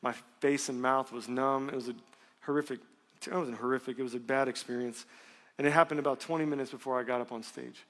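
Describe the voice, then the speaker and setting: A man in his thirties preaching a sermon, telling a personal story in a candid, conversational and animated way. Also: medium pitch, quick pace. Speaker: pastor. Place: church sanctuary. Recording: long reverb of a church hall.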